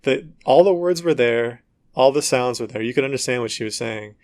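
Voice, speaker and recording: A man co-hosting a casual gaming podcast, telling stories in an animated way and acting out dialogue. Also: medium pitch, brisk, dry recording, studio quality. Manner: animated storytelling, acts out dialogue in quotes. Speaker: podcast co-host. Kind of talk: casual chat.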